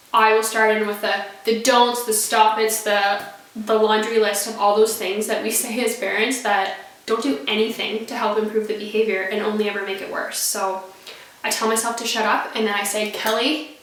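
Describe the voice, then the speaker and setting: Chatty mom vlogger in an echoey room. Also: female voice, medium pitch. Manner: chatty, laughing often, animated when quoting her kids. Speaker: parenting vlogger. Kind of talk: casual talk to camera. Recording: echoey room, a little far from the mic.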